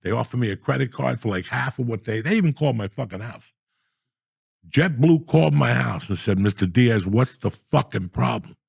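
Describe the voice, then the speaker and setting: A man in his sixties telling profane, animated stories in a casual comedic chat, often ranting in mock outrage. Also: mid-range voice, a little fast, creaky, breathy edge, dry recording, studio quality. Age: 60s. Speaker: podcast guest storyteller.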